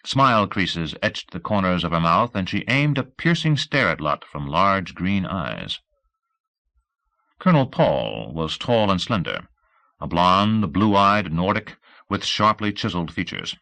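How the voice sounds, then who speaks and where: Guy reading an audiobook, pretty low voice but bouncy, bright tone, old cassette sound. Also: big pitch swings, a little slow, vocal fry. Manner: changes pitch for characters. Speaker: audiobook narrator. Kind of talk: reading a novel aloud.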